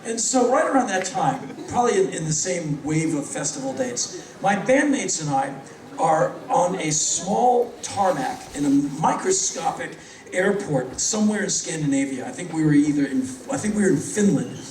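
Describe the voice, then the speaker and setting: A middle-aged man telling rapid, animated anecdotes on stage in front of a live audience, acting out other people's lines. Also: fairly high pitch, a crowd in the background. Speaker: spoken-word performer. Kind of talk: live spoken-word storytelling. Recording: echoey hall, mic from a distance.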